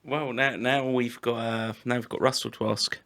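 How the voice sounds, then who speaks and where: Bright-voiced casual male host. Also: medium pitch, flat delivery, moderate pace. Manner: casual, repeats words, fillers like "like". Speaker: podcast host. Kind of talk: casual podcast chat. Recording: dull lo-fi recording.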